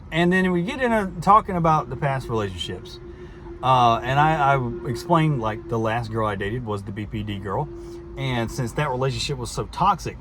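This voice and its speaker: A man's voice: a little high, background noise. A man telling a personal story in a casual, rambling way, full of restarts and short laughs. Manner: rambling, frequent restarts and fillers, laughs while recounting. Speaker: host.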